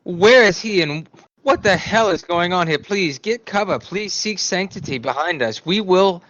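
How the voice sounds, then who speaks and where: A man's voice: high voice, lively intonation, moderate pace, a bit bright, lo-fi sound, a little hiss or hum. A man playing a tabletop game, chatting casually and slipping into earnest, gallant in-character speech. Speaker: player.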